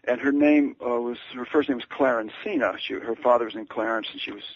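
Man, gravelly voice, hesitant storyteller, lots of fillers and restarts, dry muffled radio sound. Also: medium pitch, brisk, no echo. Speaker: author and writing teacher, interview guest. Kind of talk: reflective storytelling in an interview.

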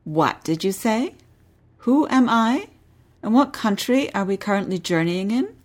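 A woman's voice: mid-range voice, lively intonation, unhurried. A woman voicing a stern male ship's commander and spy who speaks in icy, clipped tones.

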